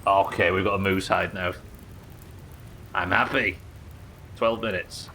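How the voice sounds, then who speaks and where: A man commentating his own live game stream, excitable, swearing and talking to his chat. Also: low-pitched, measured pace, slight background noise.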